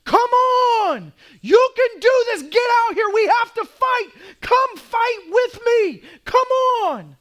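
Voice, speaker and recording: A man's voice: very high-pitched, expressive, takes it slowly, few pauses, a bit bright, lo-fi sound, pitched above the performer's own voice, exaggerated voice. A man acting out an army officer who bellows desperate orders at his pinned-down men. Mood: rallying. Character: battle-hardened male army officer shouting orders under fire.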